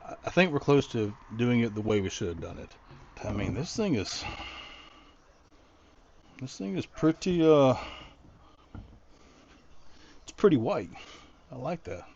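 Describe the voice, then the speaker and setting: A man's voice: mid-range voice, expressive, measured pace, gravelly, pauses often, a little mellow, highs cut off, a little hiss or hum. A middle-aged man casually talking through a DIY project, thinking aloud and rambling with frequent restarts. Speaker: DIY vlogger.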